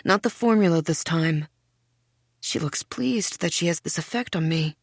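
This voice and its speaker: A woman reading a first-person mystery audiobook in a measured, hushed way. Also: low-pitched, slightly rough, no echo, studio quality. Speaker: audiobook narrator. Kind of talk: scripted first-person narration.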